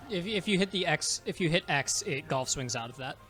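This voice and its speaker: This young man talks with friends over a game session, his voice sitting high and swinging up and down with energy. He swears freely and teases in a jokey way. There is faint music behind him. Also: lively intonation, brisk, pushed and bright. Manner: swears a lot, jokey and teasing. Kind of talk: casual chat while playing a video game.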